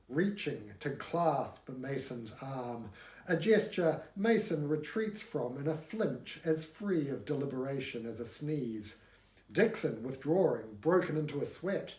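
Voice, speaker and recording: A man reading a novel aloud in a measured, wry narrating voice, recorded at home. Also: a little high, expressive, darkish tone. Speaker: audiobook reader. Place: home room. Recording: echoey room.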